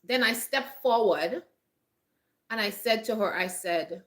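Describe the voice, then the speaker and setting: A woman's voice: mid-range voice, slow pace, fairly bright tone. Earnest chatty woman giving life advice. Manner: earnest, chatty, repeats herself and restarts phrases. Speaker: lifestyle vlogger. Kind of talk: casual advice talk to camera.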